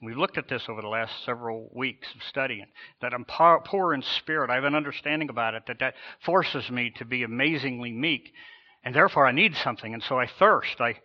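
A man preaches a sermon in an earnest, searching way, often stumbling and repeating words as he restarts. His voice sits at an ordinary middle pitch. The recording sounds dull and lo-fi. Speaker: pastor.

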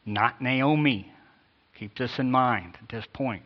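A man's voice: mid-range voice, slow, dull audio. A man preaching a sermon, emphatic, repeating key phrases and reading scripture with inflection. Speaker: pastor.

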